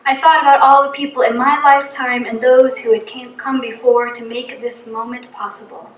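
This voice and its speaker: A woman's voice: high voice, steady tone, moderate pace, echoey room, distant mic, low-quality recording. A middle-aged woman from New England gives an earnest personal reflection from a church pulpit, telling a story and reeling off long lists. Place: church hall.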